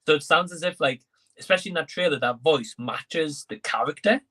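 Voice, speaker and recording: Male co-host, bright and forceful tone, conversational, thinks out loud. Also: a little high, a little fast. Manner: conversational, thinking aloud with fillers. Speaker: co-host of entertainment live stream. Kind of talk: casual chat.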